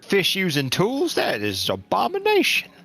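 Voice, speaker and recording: A folksy, conspiratorial townsman, played by a man in a tabletop game. His lively voice rises and falls, and it carries a gravelly rasp as he rants about his suspicions. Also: high voice, unhurried, soft background music, voice pushed up, exaggerated voice. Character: conspiratorial male townsman stirring up a crowd.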